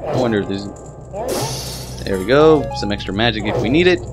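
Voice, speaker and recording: Young man, casual game commentary, excitable, lively pitch, clear game music behind. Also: moderate pace. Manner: excitable, swears and yelps at game mishaps. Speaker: let's play commentator.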